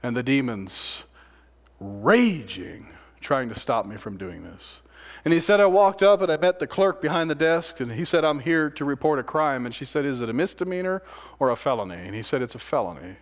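A man preaching a sermon, retelling another man's story in his words, swinging between loud passages and near-whispers. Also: mid-range voice, expressive, normal speed. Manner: dramatic, swings from loud to hushed.

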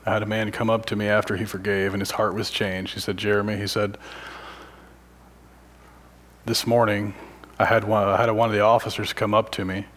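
Male preacher, low husky voice, sermon delivery that drops to whispers for effect. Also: flat delivery, a little fast, pauses often. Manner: swings from loud emphatic lines to hushed whispers.

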